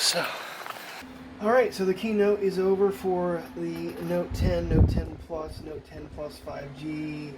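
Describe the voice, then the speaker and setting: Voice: medium pitch, fairly even intonation, slow. A daily vlogger chatting casually while walking a puppy outdoors, talking playfully to the dog, recorded on a phone camera. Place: outdoors in a breezy park playground. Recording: outdoor recording with clear background noise. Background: wind and leaves, passing vehicles.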